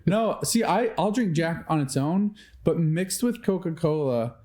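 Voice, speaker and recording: Mellow-voiced man in relaxed podcast chat. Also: on the high side. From American Midwest. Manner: relaxed, quick interjections, teasing. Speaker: podcast co-host. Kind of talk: casual chat.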